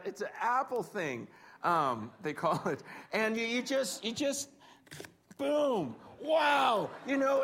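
A man with a notably high voice delivers a sermon to a congregation. He keeps it conversational and lively, slipping into acted-out quotes and poking fun at himself. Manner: lively, conversational preaching with self-deprecating humor and acted quotes. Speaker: pastor.

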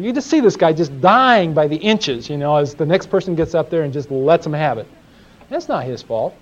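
A man's voice: fairly high pitch, big pitch swings, normal speed. A man teaching a sermon, telling folksy stories and asking his audience questions. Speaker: Bible teacher. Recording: dull lo-fi live recording.

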